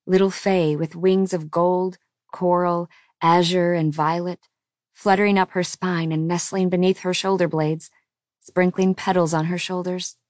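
A woman's voice: fairly low pitch, little pitch movement, measured pace, a little mellow, no echo. Woman narrating an audiobook, dry sound.

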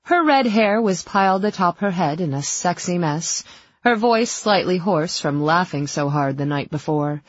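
A woman narrating a novel in the first person, relaxed and lightly playful. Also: lowish voice, normal speed, no room sound, dull audio. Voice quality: husky. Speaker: audiobook narrator.

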